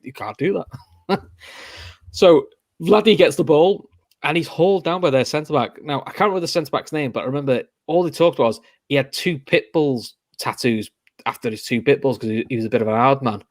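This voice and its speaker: The recording is clean studio sound with no room sound, carrying a young Liverpool-accented man's brisk, medium-pitched voice. He hosts a casual football podcast, animatedly telling stories and acting out the reactions.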